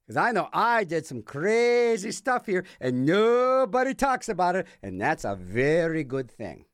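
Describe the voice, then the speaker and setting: A man's voice: high-pitched, big pitch swings, unhurried, dry recording. A man hosting a radio show in a studio, rambling in a wry, sarcastic way. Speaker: radio DJ host.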